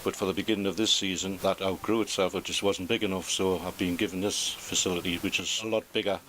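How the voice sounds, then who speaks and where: A man's voice: sits low, steady tone, fast talker, a bit bright, slight background noise. A man who runs a football club's merchandise shop, answering interview questions in a plain, matter-of-fact way. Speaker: football club shop manager. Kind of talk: casual interview.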